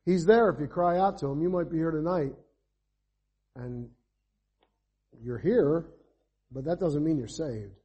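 A fervent male preacher with a husky, mellow voice that sits a little high for a man. He builds to emphatic appeals, then falls back to hushed asides, pressing his listeners with rhetorical questions. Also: a little slow, pauses often, muffled recording. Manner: fervent, rises to emphatic calls then drops to quiet asides; asks the congregation rhetorical questions. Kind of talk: evangelistic sermon.

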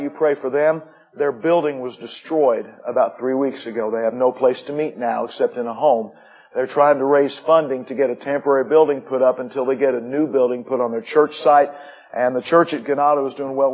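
A man's voice: medium pitch, a little mellow, breathy edge, muffled recording. A middle-aged man giving a missionary report to a church, folksy, with joking asides. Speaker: missionary preacher.

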